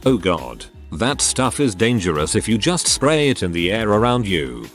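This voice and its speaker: A man reads online posts aloud in a casual, dry manner, dropping wry little comments between them. His voice sits on the low side yet moves up and down a lot. Soft background music plays under the narration. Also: very animated, moderate pace. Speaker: narrator reading Reddit posts.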